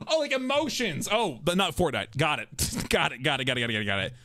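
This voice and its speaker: A man streaming a game, reading and reacting aloud in a jokey way, quick to laugh. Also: mid-range voice, sing-song, sharp tone, no room sound, studio quality.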